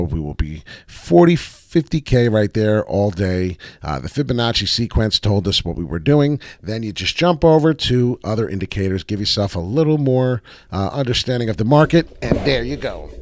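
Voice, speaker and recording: A fairly low-voiced man hosting a livestream, walking through trading charts in a loose, excitable way and swearing freely. The sound is dry and close, with almost no room echo. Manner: excitable, profane, reads chat aloud. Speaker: crypto livestream host. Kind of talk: casual livestream chart analysis.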